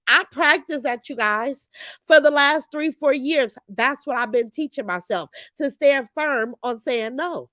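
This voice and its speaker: A woman's voice: high voice, measured pace, fairly bright tone, no echo. A woman, casually hosting a live stream and talking straight to her viewers. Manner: chatty, addresses viewers directly, reads comments aloud. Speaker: livestream host reading chat.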